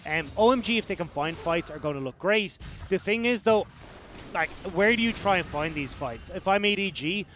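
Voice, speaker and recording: High-voiced Irish male esports analyst. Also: expressive, moderate pace, fairly bright tone, a little hiss or hum. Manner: laughing, teasing banter. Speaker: esports co-caster. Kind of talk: analytical colour commentary.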